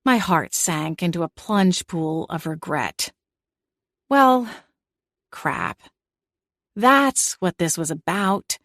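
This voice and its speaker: A woman reading a cozy audiobook in first person with wry, lively storytelling. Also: on the low side, takes it slowly, pauses often, dry recording, studio quality. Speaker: audiobook narrator.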